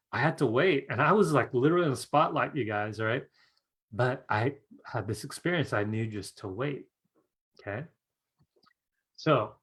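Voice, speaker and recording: Male host, mid-pitched, casual talker on a live class stream, keeps checking in with his viewers. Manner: chatty, keeps asking "right?" and "you guys", laughs often. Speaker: psychic development teacher hosting a live online class. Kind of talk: casual live-stream teaching with a told anecdote.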